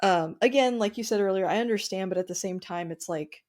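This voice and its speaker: A woman's voice: medium pitch, a little fast, darkish tone. A woman with an ordinary mid-range voice talks casually on a movie podcast. She laughs often and keeps her sentences loose, dotting them with "like" and "you know". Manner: conversational, laughs often, hedging with "like". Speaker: podcast host.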